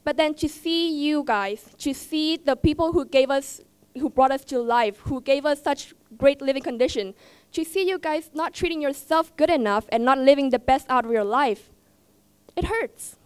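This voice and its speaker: A teenage girl with a Vietnamese accent giving a heartfelt, halting speech at a school event, often repeating herself as she searches for words. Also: sits high, no room sound. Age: teens. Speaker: student speaker. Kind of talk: emotional personal speech.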